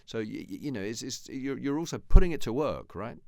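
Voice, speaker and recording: A man's voice: medium pitch, animated, a little fast, gravelly, darkish tone, no room sound, studio quality. A man hosting a podcast, asking thoughtful questions with frequent restarts and tag questions. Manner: thoughtful, restarts mid-sentence, leans on "right?". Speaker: podcast host. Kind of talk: interview questions.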